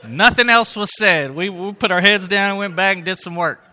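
A man's voice: sits high, moderate pace, sharp tone. A man preaching a sermon, telling stories and putting questions to his listeners. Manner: storytelling, asks the congregation questions. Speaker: pastor.

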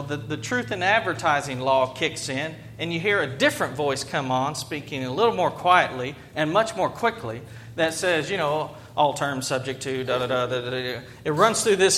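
High-voiced male pastor preaching. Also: sharp tone, a little hiss or hum. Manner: conversational, asks the congregation questions. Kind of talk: sermon.

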